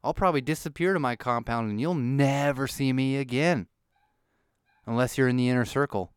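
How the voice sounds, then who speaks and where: A man on a comic rant with a very crisp, clean voice, recorded close and dry. He swears freely and keeps working himself up into mock outrage. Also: mid-range voice, brisk, dry recording. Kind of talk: ranting monologue.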